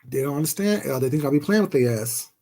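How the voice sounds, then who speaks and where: A man's voice: mid-range voice, expressive, quick pace, mellow. A man vlogger ranting to camera in a profane, confrontational, combative way. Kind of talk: casual rant to camera.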